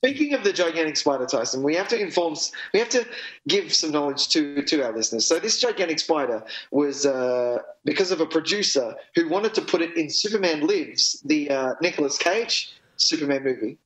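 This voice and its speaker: A man's voice: fairly high pitch, animated, fairly quick, a bit bright, highs cut off. A young man co-hosting a casual film review podcast, laughing often and swearing. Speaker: podcast co-host.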